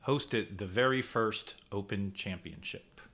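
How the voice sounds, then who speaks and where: A man acting as quizmaster on a casual podcast, reading questions steadily and announcing answers crisply. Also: fairly low pitch, measured pace, a bit bright.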